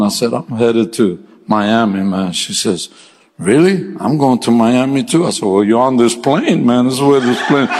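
A male pastor preaching a sermon, telling funny personal stories in a casual way, laughing often and climbing to loud, high-pitched peaks. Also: long reverb tail, rough recording. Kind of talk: sermon with humorous storytelling. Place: church sanctuary.

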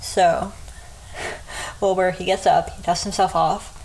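A woman's voice: lowish voice, level tone, unhurried, creaky, darkish tone, poor audio. A woman retelling a story in a casual, chatty way, often breaking into giggles. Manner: giggly, chatty, frequent laughs.

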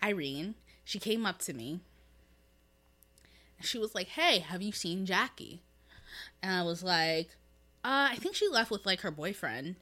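A young woman co-hosting a podcast giggles as she tells a story in casual chat, acting out the quoted lines. Her voice is on the low side, pushed and bright, with lively intonation, a measured pace, and long pauses.

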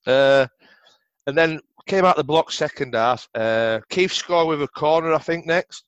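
A man's voice: on the high side, lively intonation, normal speed, a bit bright, clear, resonant tone, no echo. A middle-aged man with a Yorkshire accent telling rambling, sweary football stories in a casual interview. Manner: swears freely, rambling anecdotes. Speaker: podcast guest, former footballer.

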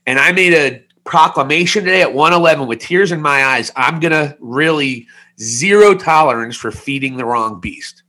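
This podcast co-host is a man in his forties whose voice sits on the high side, pushed and bright, at a moderate pace. In casual chat he tells a candid, rambling personal story full of self-mocking jokes.

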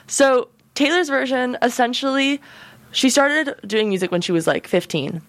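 A woman's voice: sits high, normal speed, dry recording. A young woman guest on a student radio podcast, chatting eagerly and laughing easily. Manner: enthusiastic, chatty, laughs often. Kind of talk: casual chat.

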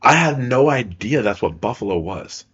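A man's voice: medium pitch, expressive, moderate pace, a bit bright, husky. A young man co-hosting a podcast in casual banter, teasing and rambling. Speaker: podcast co-host. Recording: dull lo-fi sound.

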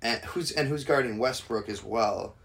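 A young man co-hosting a casual sports podcast, his voice at an ordinary middle pitch for a man. He rambles and restarts his sentences often as he thinks aloud. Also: creaky, fairly bright tone. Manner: rambling, halting, many restarts. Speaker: podcast co-host.

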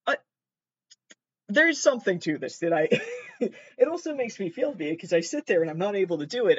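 A man's voice: fairly high pitch, expressive, fairly quick, breathy edge. Rambling, foul-mouthed man with a muffled sound. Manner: rambling, profane, self-deprecating joking. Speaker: podcast host. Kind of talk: casual solo commentary on news.

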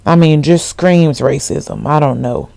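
A woman's voice: low-pitched, a little slow, vocal fry, mellow, dry recording. Chatty young woman rambling casually. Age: 20s. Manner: rambling, slangy, full of asides and fillers. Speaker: podcast host. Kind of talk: casual solo chat.

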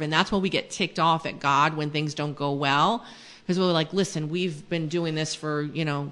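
A woman's voice: sits low, a bit bright. A woman hosting a faith podcast, teaching in an earnest, conversational way with many fillers. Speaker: podcast host.

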